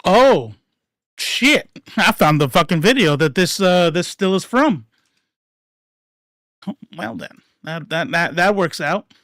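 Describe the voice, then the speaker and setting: A livestream commentator giving casual political commentary, profane and rambling, swinging between loud outbursts and mumbled asides. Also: medium pitch, expressive, slow pace, pauses often, no echo, clean studio sound.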